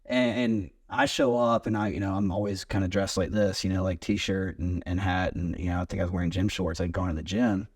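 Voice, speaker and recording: A man as a podcast guest, telling a long story in a lively, rambling way and swearing freely. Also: sits low, brisk, few pauses, slightly rough. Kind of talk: casual storytelling chat.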